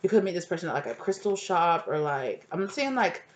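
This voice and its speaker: A woman's voice: on the low side, animated, brisk, background noise. A woman giving a casual, rambling tarot reading at home, full of fillers and asides. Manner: rambling, filler-heavy, chatty. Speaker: tarot reader. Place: home with a cat.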